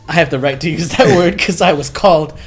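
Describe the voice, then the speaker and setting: A man's voice: fairly high pitch, normal speed, faint music behind. A young man co-hosting a podcast, telling a story in casual chat, laughing often and acting out the lines he quotes. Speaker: podcast co-host.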